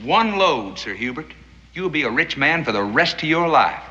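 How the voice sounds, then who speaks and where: An actor playing a rugged, blunt frontiersman who talks in a plain-spoken, forceful way. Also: a little high, big pitch swings, moderate pace. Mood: persuasive. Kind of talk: 1960s TV western acting. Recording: echoey, dull old TV audio with score.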